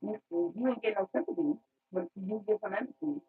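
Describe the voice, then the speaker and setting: Woman vlogger, husky and raspy, blunt and profane, sounds like a phone recording. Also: medium pitch, a little fast, narrow, tinny audio. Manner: blunt, profane, repeating words for emphasis. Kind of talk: unscripted spiritual rant.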